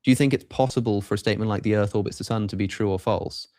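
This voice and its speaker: A man's voice: on the low side, fairly even intonation, racing, heavy background noise. Hesitant British man reasoning. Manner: hesitant, repeats words while reasoning. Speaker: debate guest in reviewed clip. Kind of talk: philosophical argument.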